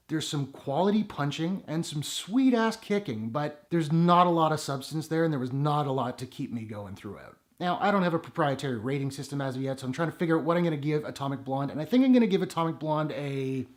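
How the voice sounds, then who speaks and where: A man's voice: fairly high pitch, animated, fairly quick, few pauses. A man giving a casual, wry movie review to his viewers, with sarcastic asides. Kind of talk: casual spoken review to camera.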